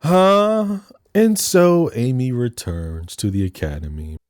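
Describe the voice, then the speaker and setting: Sassy low-voiced man recapping a film. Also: expressive, measured pace, warm tone. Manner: sassy, with crude joking asides. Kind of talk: casual movie recap commentary.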